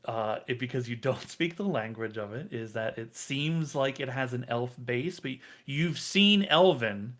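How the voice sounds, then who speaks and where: A man narrating a tabletop game as game master, halting with many ums and uhs. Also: mid-range voice, lively intonation, fairly bright tone.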